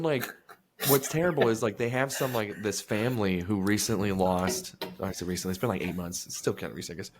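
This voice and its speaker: A man's voice: fairly low pitch, noisy background. Young man telling a profane story. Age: young adult. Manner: profane, animated storytelling with voiced quotes. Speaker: podcast host. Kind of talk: casual chat.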